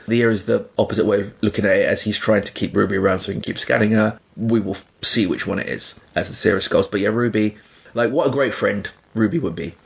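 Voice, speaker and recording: A man co-hosting a podcast, talking in an animated, emphatic way with laughing asides. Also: fairly low pitch, fast talker, gravelly, breathy edge, dull audio. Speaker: podcast co-host. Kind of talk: casual discussion.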